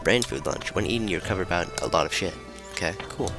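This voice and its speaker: A man giving casual let's play commentary from a room at home, joking, swearing freely and talking somewhat hushed. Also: sits low, lively intonation, fast talker, few pauses, faint music behind. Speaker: gamer.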